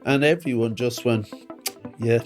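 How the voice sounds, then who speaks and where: A man's voice: mid-range voice, measured pace. An older man with an Irish accent recalling events emphatically in an interview, asking questions and answering them himself. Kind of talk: reminiscing interview. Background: faint music.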